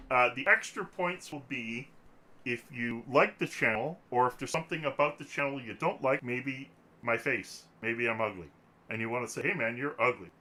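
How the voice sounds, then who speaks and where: A man's voice: mid-range voice, moderate pace, bright, forceful tone. A man hosting a casual podcast, joking and rambling, laughing often, talking into a desk microphone. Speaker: podcast host.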